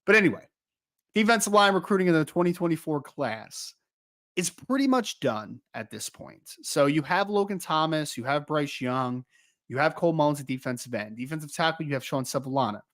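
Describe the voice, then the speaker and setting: A man's voice: fairly high pitch, expressive, a little fast, fairly bright tone. A young man co-hosting a live-streamed podcast, chatting casually, rambling and joking, and easily sidetracked. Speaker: podcast co-host.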